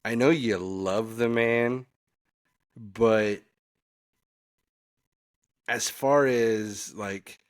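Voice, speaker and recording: Slow, low-voiced man thinking aloud. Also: fairly even intonation. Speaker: podcast panelist. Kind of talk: casual podcast chat.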